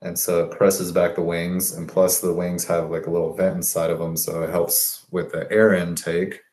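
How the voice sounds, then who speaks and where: Deep-voiced man musing over sketches. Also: flat delivery, moderate pace, darkish tone, echoey room. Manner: rambling, thinking aloud with fillers and self-corrections. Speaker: presenter of business ideas. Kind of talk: casual explanation of sketches.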